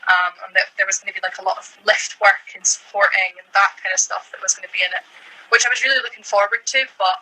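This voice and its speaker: A young Scottish actress chatting casually as an interview guest, full of "like" and "um". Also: female voice, medium pitch, fast, sharp tone, low-quality recording. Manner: chatty, fills with "like" and "um".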